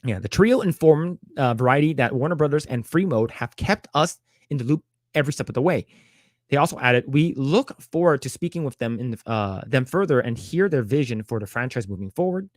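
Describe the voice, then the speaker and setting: A man's voice: medium pitch, animated, brisk, no room sound, clean studio sound. A man co-hosting a casual podcast, reading out news items and stopping to react, with many fillers and repeated words. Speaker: podcast co-host.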